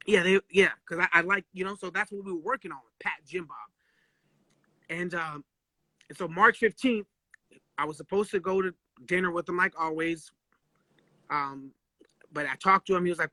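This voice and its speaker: A man telling animated stories in a casual live-stream chat, full of slang and swearing, acting out quotes. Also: high voice, moderate pace, long pauses, no echo. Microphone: phone live stream.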